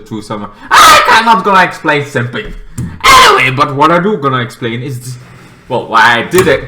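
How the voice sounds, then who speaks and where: A man casually reviewing TV episodes alone, rambling with many fillers and breaking into shrill, shouted impressions of the characters.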